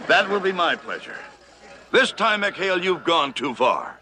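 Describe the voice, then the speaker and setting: An actor playing an indignant navy admiral who barks orders and demands answers. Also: male voice, fairly high pitch, very animated, measured pace, pushed and bright, full character voice. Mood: irate. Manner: barking, indignant commands. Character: irate barking navy admiral.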